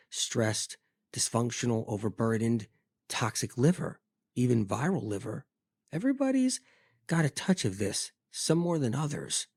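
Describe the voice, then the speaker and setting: A man's voice: medium pitch, darkish tone, no echo, studio quality. A man delivering a scripted health monologue, telling it vividly with emphatic repetition. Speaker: health speaker.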